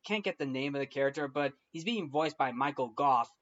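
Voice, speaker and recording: A man's voice: mid-range voice, fairly quick, fairly bright tone, lo-fi sound. Rambling man recapping a film. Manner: rambling, many restarts and "like". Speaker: film review host.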